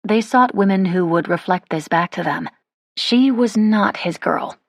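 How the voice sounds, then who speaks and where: Husky-voiced woman narrating an audiobook. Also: medium pitch, no echo, clean studio sound. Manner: measured, wry storytelling. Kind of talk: scripted narration.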